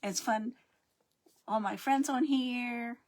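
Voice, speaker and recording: A woman's voice: on the high side, slow pace, a little mellow. A middle-aged woman hosting her crafting livestream, chatting casually and greeting viewers by name as they join. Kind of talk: casual live-stream chat.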